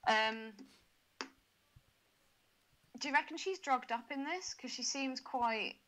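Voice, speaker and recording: A woman's voice: high-pitched, slow, slight background noise, poor audio. A woman co-hosting a podcast, chatting crudely and laughing often. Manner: laughing a lot, crude and lively. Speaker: podcast co-host. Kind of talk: casual banter.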